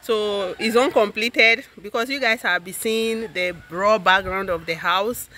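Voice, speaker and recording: Chatty Nigerian mom vlogging outdoors. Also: female voice, mid-range voice, a little slow. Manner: chatty, laughs often, shouts at her child. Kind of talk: casual vlog chat. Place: outdoors at her home compound and garden.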